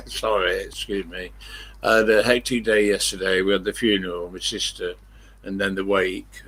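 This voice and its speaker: A man's voice: on the low side, a bit bright. An older man hosting a live stream, chatting in a rambling, blunt way, swearing freely and correcting himself as he goes.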